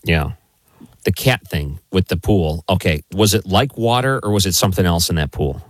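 A low-voiced man hosts an interview in a dry studio sound. He asks steady, probing questions and recaps the guest's story back to him. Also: moderate pace, no echo. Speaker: interview host.

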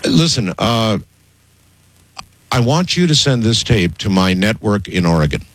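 A man hosting a call-in radio show, interrupting and steering the caller deliberately. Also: fairly low pitch, sing-song, no room sound. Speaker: radio talk show host.

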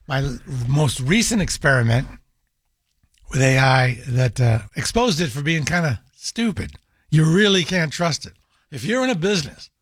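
A man's voice: mid-range voice, slightly rough, dry recording, studio quality. A middle-aged man hosting a call-in radio show, talking casually with many fillers and restarts, and firing off exasperated rhetorical questions. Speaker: radio talk show host.

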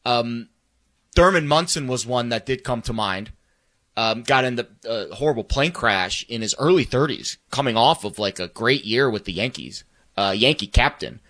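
A man co-hosting a sports talk show, speaking reflectively in a halting way, with many ums and restarts. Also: medium pitch, expressive, a bit bright.

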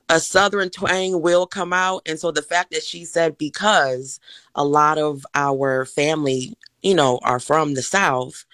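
A woman from the Chicago suburbs presenting a segment on a morning show, cheerful and quick to laugh. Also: deep voice, fairly bright tone, no echo. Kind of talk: casual morning show banter.

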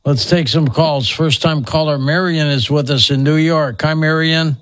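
A man hosting a radio call-in show, talking in a relaxed, conversational way. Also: on the high side, normal speed, dry recording, studio quality. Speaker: radio host.

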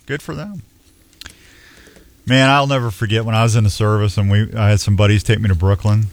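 This sixty-something radio host speaks in a lowish, steady voice, a little fast, with no room sound. His talk is casual chatter and announcements, delivered as a folksy, rambling storyteller who keeps restarting.

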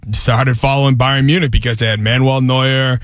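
A man with a Boston accent co-hosting a casual sports talk radio show, answering in blunt, quick retorts. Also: medium pitch, steady tone, no echo, clean studio sound. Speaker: radio co-host. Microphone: studio mic.

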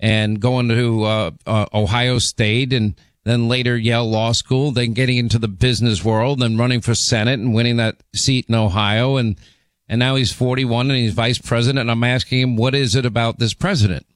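Talk radio host, man in his sixties, laryngitis-hoarse, emphatic rambling delivery, dry studio sound. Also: mid-range voice, little pitch movement, normal speed, no room sound. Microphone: studio microphone.

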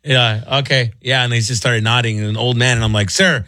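Man, fast talker, bright forceful tone, excitable storyteller, casual chat, dry sound. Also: mid-range voice, dry recording. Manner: excitable, storytelling with acted-out voices.

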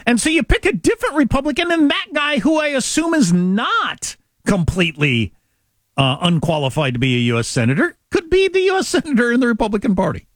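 A man's voice: very high-pitched, sing-song, fairly quick, no room sound. A man hosting a podcast, chatting opinionatedly and mockingly about politics in a rambling way. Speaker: podcast host. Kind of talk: casual political chat.

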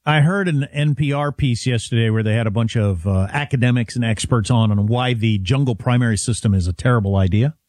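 A man's voice: medium pitch, no room sound, studio quality. A man co-hosting a talk radio show, chatting casually and mockingly about politics. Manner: animated, mocking, does quick impressions.

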